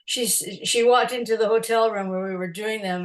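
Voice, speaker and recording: Older woman, photographer guest, animated raconteur who acts out dialogue. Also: medium pitch, brisk, poor audio. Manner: animated storyteller, laughs often, acts out quotes. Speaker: podcast guest, concert photographer. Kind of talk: casual interview storytelling.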